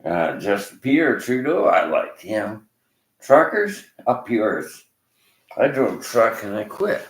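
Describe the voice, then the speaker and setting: A man's voice: lowish voice, big pitch swings, takes it slowly, echoey room. An older Canadian man delivering a blunt, cursing rant, laughing between complaints. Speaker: vlogger. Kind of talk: ranting monologue.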